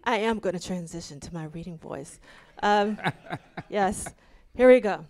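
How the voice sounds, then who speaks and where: A woman's voice: lowish voice, a little slow, a little mellow. A woman with an Alabama accent, a podcast host at a live event, chatting casually and reading old clippings aloud with her own asides.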